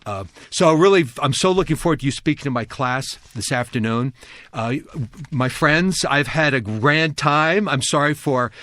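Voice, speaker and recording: A man's voice: on the high side, moderate pace, bright, forceful tone. A man from New Jersey who hosts a radio garden show, a horticulturist who chats with enthusiasm and talks at length in a studio. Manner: chatty, enthusiastic, talkative. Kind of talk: casual on-air chat. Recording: dry studio sound.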